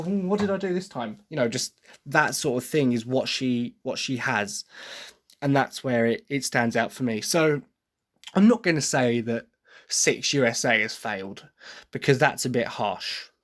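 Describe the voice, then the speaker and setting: A man's voice: medium pitch, a bit bright. Enthusiastic man rambling opinions. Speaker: podcast host. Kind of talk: solo podcast monologue.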